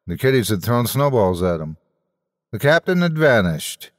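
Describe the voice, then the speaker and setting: A man's voice: on the low side, very animated, moderate pace, clean studio sound. Theatrical male storyteller with long reverb. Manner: theatrical, wry. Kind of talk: dramatic story narration.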